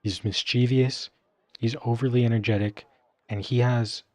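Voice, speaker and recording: A man's voice: medium pitch, fairly even intonation, normal speed, dry recording. A man streaming a choose-your-own-adventure game, reading choices aloud and reacting with wry, crude remarks. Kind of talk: casual live-stream commentary.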